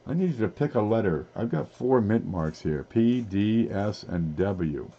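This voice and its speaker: A man's voice: lowish voice, animated, measured pace, dark tone, slightly rough, dull audio. A man hosting a casual live-stream giveaway, talking in a folksy, rambling way as he reads off items one by one. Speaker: livestream giveaway host.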